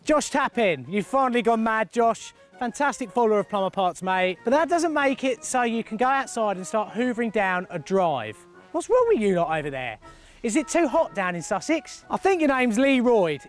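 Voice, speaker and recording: A man's voice: sits high, very animated, moderate pace, soft background music. A man hosting a plumbing show, chatting casually and jokily about viewers' photos. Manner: jokey, chatty, laughs often. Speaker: host of a plumbing channel.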